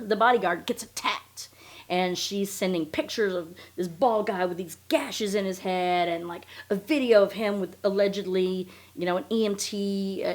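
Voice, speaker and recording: A woman hosting a podcast, recapping a story in casual, profane, sarcastic commentary and sounding openly incredulous. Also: medium pitch. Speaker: podcast host.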